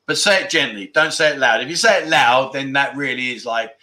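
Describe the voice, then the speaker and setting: Guy on a chat stream, bright voice, keeps cracking up at viewer comments. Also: mid-range voice, a little fast. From England. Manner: giggly, laughs often between lines. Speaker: livestream host. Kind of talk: casual livestream chat reading viewer comments.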